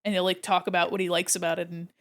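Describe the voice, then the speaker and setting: A young woman streamer chats casually with her livestream audience as she draws, often giggling and reading viewer messages aloud. Her voice is on the low side, with a level tone and a racing pace.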